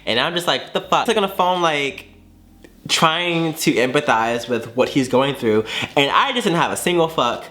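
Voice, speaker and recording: A young man telling a storytime vlog, animated and profane, acting out both sides of the exchanges. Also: a little high, moderate pace. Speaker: vlogger.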